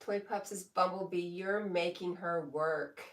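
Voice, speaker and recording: A woman casually chatting on a live stream, reading viewers' comments aloud in a relaxed way and laughing often. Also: fairly low pitch, unhurried, distant mic. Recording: echoey room, voice a bit off mic.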